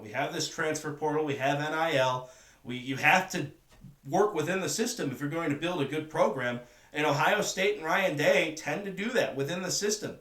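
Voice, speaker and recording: A man's voice: mid-range voice, a bit bright, recorded from a distance. A man from the northern United States hosts his own sports commentary. He talks in an opinionated way and keeps returning to his main points. He sits a little back from the mic in a roomy, echoing space. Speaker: sports podcast host. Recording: echoey room, voice away from mic.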